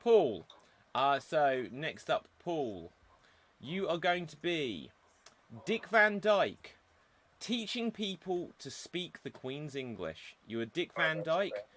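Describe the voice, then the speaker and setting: A man hosting an online improv comedy show. He sets up scenes in a brisk, organized way and runs the audience vote. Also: a little high, sing-song, a bit bright. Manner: brisk, organizing, reads audience comments aloud. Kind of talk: live-streamed show hosting.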